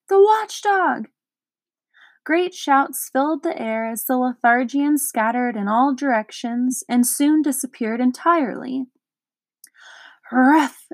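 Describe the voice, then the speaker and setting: A woman's voice: on the high side, no echo. A woman reading a children's storybook aloud, giving the characters their own voices. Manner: voices characters with lively shifts. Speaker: audiobook reader. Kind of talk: storybook narration.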